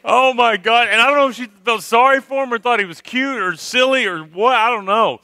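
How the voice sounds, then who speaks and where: A man telling a funny camp story to a youth crowd as a former youth minister, animated and tagging his sentences with "okay? all right?". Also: extremely high pitch, brisk, no echo. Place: live youth camp worship service.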